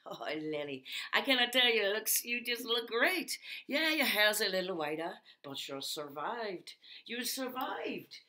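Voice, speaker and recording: A woman's voice: medium pitch, very animated, a little slow, hardly any pauses, pushed and bright. A woman voicing a hard-drinking, ageless party spirit in a uniform, with a put-on Irish accent and a rambling, chummy manner. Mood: fond.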